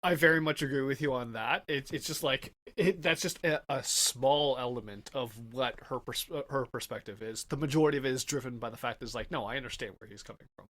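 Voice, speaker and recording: A man's voice: medium pitch, a little fast, hardly any pauses, fairly bright tone. A man with an ordinary mid-range voice chats casually on a podcast. He talks in an agreeable way, backs up his partner with short replies and restarts his sentences as he thinks. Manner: agreeable, frequent "mm-hmm" backchannels, hesitant restarts. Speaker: podcast co-host. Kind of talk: casual chat.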